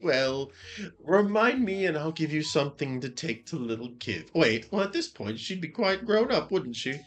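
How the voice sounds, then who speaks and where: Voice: mid-range voice, sing-song, normal speed, faint music behind, voice pushed down, close to an everyday voice. A game master voicing an old hag aunt who runs a shop, genteel and chatty, with cheerful gruesome asides. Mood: sweet. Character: sweet-talking old hag aunt, shopkeeper, cheerfully creepy.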